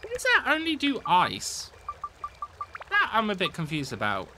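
A live streamer giving casual gameplay commentary, chatty and excitable, swearing casually while talking to a friend on call. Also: mid-range voice, unhurried, noisy background.

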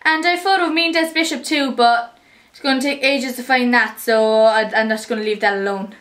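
A woman's voice: on the high side, a little fast, fairly bright tone. A teenage girl with an Irish accent chatting to the camera in a casual, rambling and upbeat way. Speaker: vlogger.

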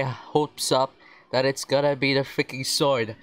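A man's voice: mid-range voice, fairly even intonation, unhurried, slight background noise. Melodramatic young gaming vlogger guy. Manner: melodramatic, swinging from nervous pleading to loud frustrated ranting. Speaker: gaming video creator. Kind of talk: gaming vlog commentary.

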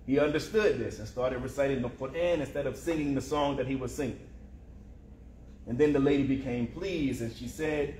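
A man's voice: mid-range voice, normal speed, darkish tone, a little hiss or hum. Male preacher telling a story, roomy sound. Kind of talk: storytelling sermon. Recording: roomy echo.

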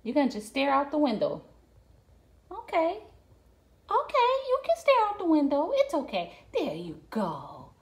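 A woman's voice: high voice, wildly swooping pitch, unhurried. A woman talking to her dog on camera at home, scolding and coaxing it in a sing-song pet-talk voice. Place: at home by a window.

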